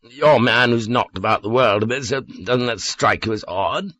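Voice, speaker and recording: A man's voice: medium pitch, normal speed, pushed and bright, no room sound. A man voicing a drunk, morose and suspicious man with slurred, grudging speech in an audiobook. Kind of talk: audiobook character voice.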